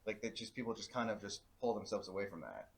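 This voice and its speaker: A man interviewing an actor at a convention, soft-spoken and trailing off. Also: fairly low pitch, lively intonation, quick pace, creaky, husky.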